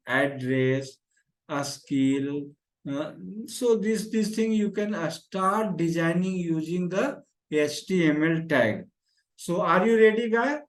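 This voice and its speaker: Man, coding teacher, slow deliberate pace, repeats himself. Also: on the high side, echoey room, poor audio. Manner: repeats phrases, addresses class as "guy". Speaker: programming teacher. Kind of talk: screen-share coding lesson.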